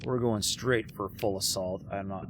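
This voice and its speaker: A man's voice: on the low side, steady tone, moderate pace, background noise. A man casually commentating his game on a livestream, chatty and thinking aloud. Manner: chatty, thinking aloud, many restarts and fillers. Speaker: streamer.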